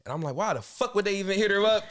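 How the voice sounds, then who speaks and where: A man co-hosting a podcast, telling a story in a relaxed, laid-back way. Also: high-pitched, racing. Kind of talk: casual chat.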